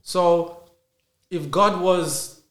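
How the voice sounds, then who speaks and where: A man, a podcast guest talking in animated casual conversation and stacking rhetorical questions. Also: sits high, very slow. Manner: emphatic, rhetorical questions, acts out dialogues.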